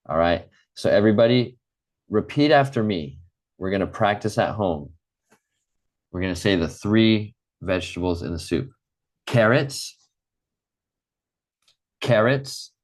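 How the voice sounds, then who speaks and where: With a very low, slightly mellow voice, a male English teacher leads students online. He's patient and supportive, delivering each word slowly and clearly for repetition, in the manner of a seasoned vocabulary driller.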